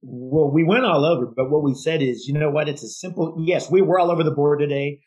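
Husky, emphatic male sales podcaster. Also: on the high side, fairly even intonation, fairly quick, a little mellow, low-quality recording. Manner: emphatic, rambling with restarts. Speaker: podcast co-host. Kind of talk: casual sales chat.

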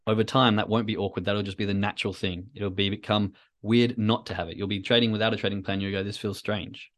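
A man hosting a solo podcast, talking in a rambling, reflective, self-coaching way. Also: on the low side. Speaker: podcast host.

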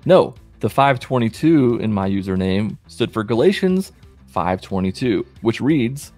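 A man in his late twenties telling stories in a wry, self-deprecating, animated way as a vlogger. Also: on the low side, a little slow, faint music behind. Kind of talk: casual self-mocking storytelling.

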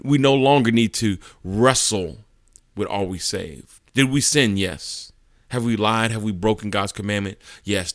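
A man's voice: fairly low pitch, fairly bright tone, no echo, clean studio sound. A man preaching a sermon, telling a vivid courtroom story and often repeating words as he goes.

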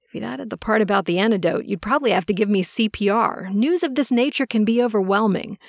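A female narrator lightly acts the part of a motherly, centuries-old seer, sounding calm and soothing in a mid-range voice at a quick pace. Her voice has a gravelly texture, captured in a dry, close recording with no room sound.

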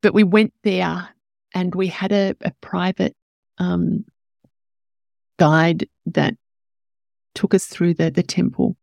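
A woman's voice: on the low side, steady tone, slow pace, gravelly, pauses often, darkish tone, dry recording. A woman hosting a podcast, telling a personal story in an emotional, candid way and growing teary as she talks. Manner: emotional, tearful at moments, candid with swearing. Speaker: podcast host.

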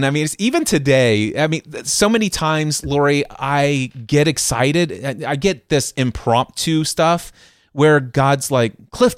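A man hosting a podcast, telling a personal story in an animated, conversational way and acting out quoted voices. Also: a little high, no echo, studio quality. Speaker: podcast host.

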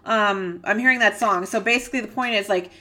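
A woman's voice: mid-range voice, a little fast, sharp tone. A woman giving a channeled reading, earnest and emotional, rambling and searching for words with many fillers. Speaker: psychic reader.

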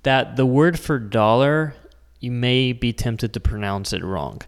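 A man from the United States teaching Spanish words in a patient, explaining lesson, slowing down to spell out each word. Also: mid-range voice, long reverb tail. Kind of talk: scripted language lesson.

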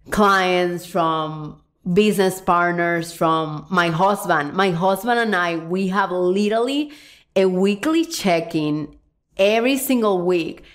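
A woman hosting a podcast, talking earnestly and encouragingly about feedback and sharing examples from her own life. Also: fairly low pitch. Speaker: podcast host. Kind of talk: motivational solo talk.

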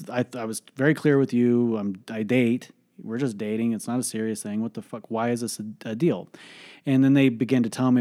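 A man's voice: mid-range voice, steady tone, a little fast, mellow. A man hosting a podcast, telling a personal story in a blunt, profane and emphatic way, full of fillers. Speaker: podcast host. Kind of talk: candid podcast monologue.

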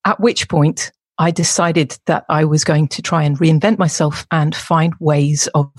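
A woman's voice: deep voice, steady tone, measured pace, no echo. An English woman in her forties, a podcast guest, talking candidly and with self-deprecating humor. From England. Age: 40s. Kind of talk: casual interview talk.

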